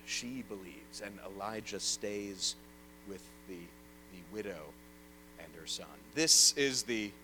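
A man preaching an evening sermon and reading scripture aloud, earnest, rising loud and then dropping soft. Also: lowish voice, background noise.

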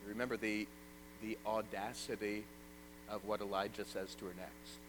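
A man preaching an evening sermon and reading scripture aloud, earnest, rising loud and then dropping soft. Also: on the low side, level tone, moderate pace, noisy background.

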